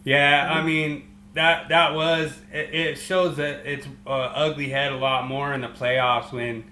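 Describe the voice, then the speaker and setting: A man co-hosting a casual sports podcast, easygoing and agreeable, halting with fillers as he talks. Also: mid-range voice, flat delivery, sharp tone, echoey room, a little hiss or hum. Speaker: podcast co-host. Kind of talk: casual chat.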